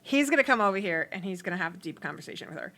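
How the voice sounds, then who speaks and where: A woman's voice: mid-range voice, lively intonation, rapid-fire, pushed and bright. A woman hosting a casual let's play, chatting freely and swearing as she narrates the game. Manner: chatty, swears, laughs, voices characters. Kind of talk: casual gameplay commentary.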